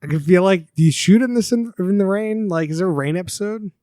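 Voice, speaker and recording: A man hosts a relaxed podcast chat in a slightly high voice, recorded close and dry. He talks casually and now and then reads out quotes from his notes. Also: fairly quick, dry recording. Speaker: podcast host.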